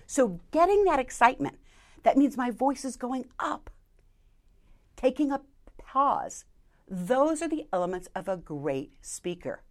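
A woman, a keynote speaker, giving interview advice in an animated, emphatic way. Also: measured pace. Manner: animated, emphatic delivery with lively pitch swings. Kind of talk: conversational interview, coaching tips.

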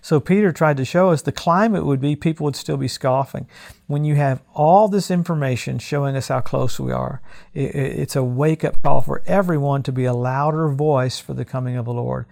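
Gravelly middle-aged man, pastor doing emphatic end-times commentary, mid-pitched. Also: moderate pace, darkish tone. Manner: emphatic, conversational preaching with repeated phrases.

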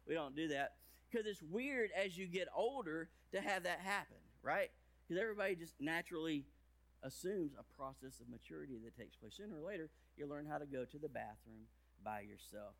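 Speaking fairly quickly in a slightly bright voice, this thirtysomething pastor delivers a playful, jokey children's sermon. His pitch and volume rise and fall dramatically.

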